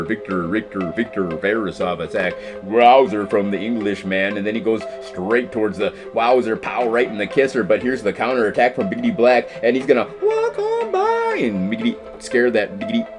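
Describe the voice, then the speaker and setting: A man giving playful chess commentary, goofy and full of rhyming nonsense words. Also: lowish voice. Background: clear background music.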